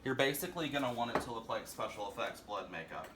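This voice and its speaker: A man with a Southern US accent and a husky voice, rambling sassily and a little tipsy in a casual vlog from his bedroom. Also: mid-range voice, animated, quick pace, background noise. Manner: sassy, rambling, profane, frequent laughs. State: slightly tipsy. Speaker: vlogger hosting a drinking game.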